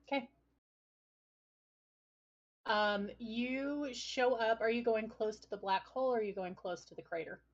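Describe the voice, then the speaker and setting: Husky woman narrating as game master. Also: fairly high pitch, measured pace, pauses often, muffled recording. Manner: descriptive, hesitant, with frequent "um"s.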